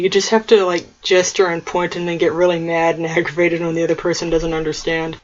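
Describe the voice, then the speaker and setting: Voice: mid-range voice, lo-fi sound. A vlogger delivering a solo monologue rant in a scornful, mocking, conspiratorial manner.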